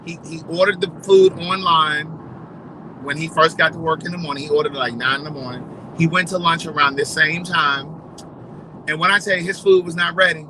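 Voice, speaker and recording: A man chatting casually to his viewers, telling stories in a gossipy, animated way. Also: fairly high pitch, background noise. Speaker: vlogger. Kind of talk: casual storytelling chat.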